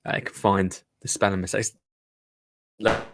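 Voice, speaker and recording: A man's voice: low-pitched, level tone, measured pace, vocal fry, noisy background. A man hosting a live gardening show, chatting casually and rambling to his viewers. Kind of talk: casual live-stream chat.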